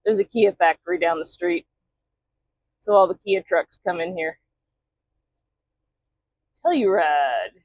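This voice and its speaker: Slow-talking woman trucker chatting. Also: fairly low pitch, a little mellow, dry recording, rough recording. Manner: chatty, talks to her cat. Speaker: truck driver vlogger. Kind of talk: casual vlog chat. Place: inside a truck cab.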